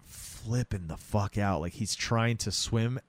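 A man's voice: fairly low pitch, takes it slowly, no room sound. A man casually retelling a film scene in a chat, acting out the characters' lines as he goes. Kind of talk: casual movie recap chat.

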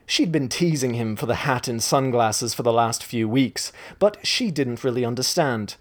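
A man reads his own short story aloud, moving through the narration in a brisk, deadpan way. His voice sits at an ordinary middle pitch. The delivery stays even and matter-of-fact.

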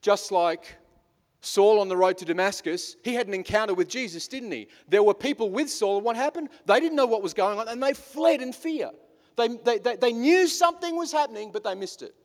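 A man in his thirties preaches from the pulpit in a raised, high-set voice. He is earnest and emphatic, circling back on words as he drives his points home. The sound carries a long reverb from a church hall. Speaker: pastor. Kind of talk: sermon.

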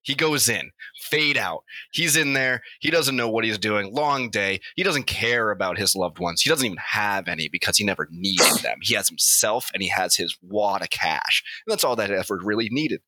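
A man's voice: lowish voice, expressive, moderate pace, sharp tone. A man telling a rambling, crude comic story off the cuff, swearing often and playing the characters himself.

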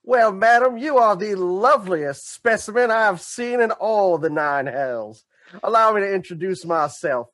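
Man doing a pompous flowery gentleman. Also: high voice, animated, unhurried, no room sound. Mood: flirtatious, grand. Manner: grandiose, over-polite.

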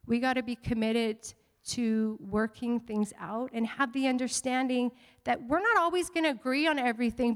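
High-voiced woman pastor preaching. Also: big-room sound. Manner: animated, playful asides to the congregation. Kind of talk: sermon. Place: church sanctuary.

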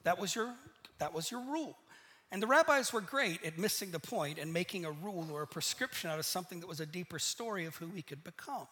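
A male pastor delivering a sermon, with a notably high voice and a bright, forceful edge to it. He tells the story in a lively way and turns to the listeners with questions between the scripture passages. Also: quick pace.

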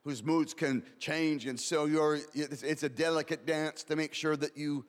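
High-voiced preacher in a reverberant hall. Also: male voice, steady tone, a little slow. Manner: impassioned, repeats words and builds in rising waves. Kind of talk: sermon.

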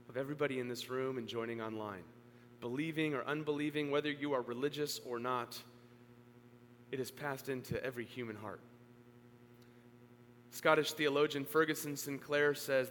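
A pastor preaches a sermon at a moderate pace, his earnest, mid-range voice echoing through a church auditorium with long reverb and a faint hum underneath. He rises to emphatic peaks before sinking back to a hush.

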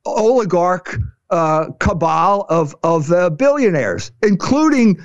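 A man hosting an opinionated commentary chat, talking with passion, halting often and restarting his sentences. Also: sits high, very animated, no echo. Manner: impassioned, halting, many restarts. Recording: dry, slightly muffled recording.

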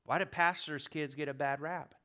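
Middle-aged male pastor, bright tone, sermon delivery with call-and-response questions, dynamic swings from loud to quiet. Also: a little high, fairly even intonation, normal speed. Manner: preaching with questions to the congregation, swinging from loud to hushed.

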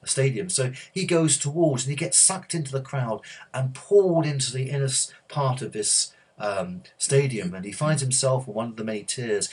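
A man preaching, telling a story with many halting restarts and growing hushed and earnest. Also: medium pitch, husky. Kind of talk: sermon storytelling.

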